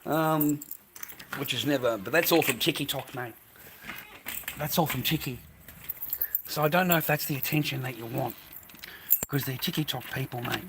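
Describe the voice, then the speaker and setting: A man's voice: medium pitch, normal speed, long pauses, background noise. An older Australian man vlogging, rambling in a profane, ranting way and calling the viewer mate. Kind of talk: rambling casual monologue to camera.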